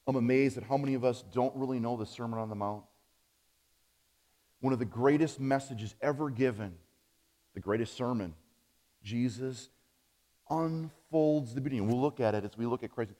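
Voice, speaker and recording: A man preaching a sermon as pastor, emphatic, punching key words and letting phrase endings drop low. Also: moderate pace, pauses often, big-room sound. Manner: emphatic, swings between loud stresses and low dropped phrase endings.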